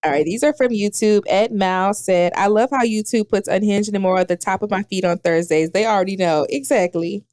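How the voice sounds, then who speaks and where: A woman's voice: medium pitch, a little fast, few pauses, darkish tone. A woman co-hosting a podcast, chatting casually in slang and laughing often. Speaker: podcast co-host.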